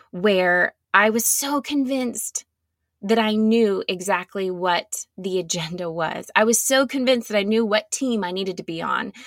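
A woman gives an earnest, reflective sermon in an unhurried way, with a gravelly edge to her voice. She sometimes sinks to a soft near-whisper, and the sound is close and dry. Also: medium pitch, no echo. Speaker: speaker giving a devotional talk.

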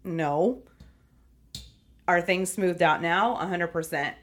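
A woman's voice: fairly low pitch, slow pace. A woman who is a teacher and foster parent, talking earnestly in an interview, telling her story with feeling and frequent small laughs. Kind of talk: conversational interview.

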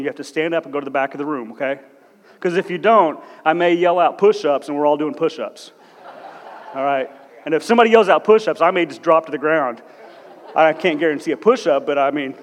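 A man in his forties, a police officer, giving a blunt, self-deprecating, joking talk as a church guest speaker. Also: a little high. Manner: blunt, no-nonsense. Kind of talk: humorous church talk with personal stories. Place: large church hall. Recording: echoey church hall with long reverb.

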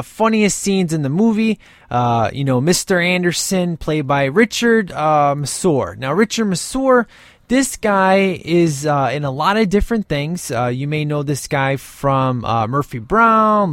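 A man's voice: on the high side, expressive, a little slow, a bit bright, no echo, clean studio sound. A man talking casually about a movie in a rambling way, full of fillers and asides. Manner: rambling, many fillers like "you know". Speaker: movie reviewer. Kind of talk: casual video commentary.

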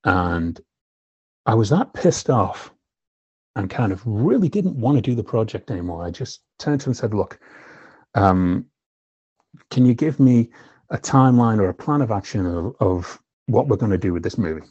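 A man's voice: lowish voice, animated, normal speed, dark tone, slightly rough, no room sound. A filmmaker guest telling his own story candidly and emotionally, swearing often and leaning on "you know". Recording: slightly dull lo-fi recording.

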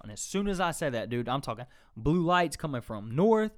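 On a casual podcast, a young man tells a lively, profane story and acts out the voices of the people involved. He talks fairly quickly at a medium pitch.

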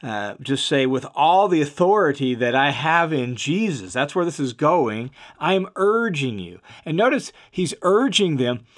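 A man teaches through a Bible passage in a plain, conversational lecture. His voice sits a little higher than most men's. He pauses on fillers and restarts, then presses hard on the words that matter. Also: big pitch swings. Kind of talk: explanatory Bible lesson.

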